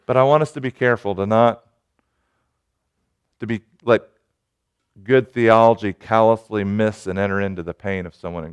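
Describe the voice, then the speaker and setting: A man preaching a sermon in an earnest manner, rising to urgent pleading and dropping to quiet reflection. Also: lowish voice, clear, resonant tone. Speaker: pastor.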